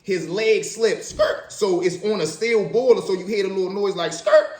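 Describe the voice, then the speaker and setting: A man telling stories from his own life in a casual, animated way, acting out the voices of the people in them. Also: high-pitched, moderate pace, echoey room. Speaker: storyteller. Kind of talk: casual spoken storytelling.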